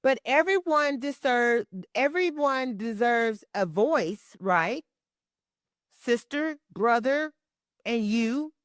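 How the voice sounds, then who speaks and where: A woman's voice: a little high, a bit bright, no room sound, clean studio sound. Frank woman giving care advice. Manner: frank, conversational, asks rhetorical questions and adds "okay?". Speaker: podcast host and caregiving advisor. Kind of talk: direct advice talk answering a listener letter. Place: Texas.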